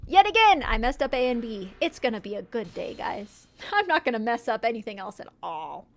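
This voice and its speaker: A woman's voice: on the high side, animated, brisk. A woman streaming a video game with chatty, giggly, self-mocking casual commentary. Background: faint background music.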